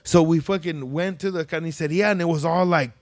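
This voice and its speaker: Man, podcast guest, fairly high voice, profane storytelling, animated quotes, dry close sound. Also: a little fast, dry recording. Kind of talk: casual chat.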